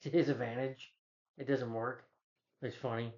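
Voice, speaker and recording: A man's voice: medium pitch, little pitch movement, normal speed, vocal fry, darkish tone, dull audio. A man casually recapping a film. He rambles, corrects himself and retells scenes with quotes. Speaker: film reviewer.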